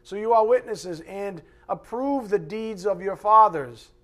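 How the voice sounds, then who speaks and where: Speaking in a high voice at a measured pace, a man preaches an animated expository sermon, mocking his opponents' voices and shouting when he wants to drive something home.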